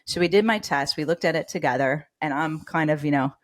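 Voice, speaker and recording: A middle-aged woman, a nurse and educator, telling her personal story as a podcast guest, animated and acting out quoted voices. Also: low-pitched, brisk.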